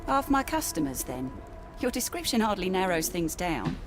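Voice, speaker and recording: A sharp-tongued young barmaid from a video game, speaking in a fairly low voice. Her sarcasm rides on lively rises and falls in pitch, with game music clearly behind her. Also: moderate pace. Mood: matter-of-fact. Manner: dry sarcasm.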